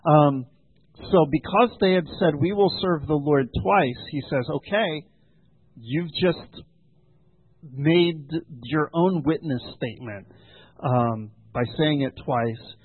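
Male preacher, slightly high voice, dry close sound, measured delivery with many pauses. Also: slightly rough, dry recording. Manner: measured, frequent ums and pauses, explaining scripture. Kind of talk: sermon. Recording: dry, tinny phone-like sound.

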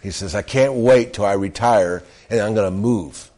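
A man preaching a sermon in an earnest way, stressing phrases with pauses and slipping into casual storytelling. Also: on the low side, a little mellow. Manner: conversational storytelling with restarts. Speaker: pastor.

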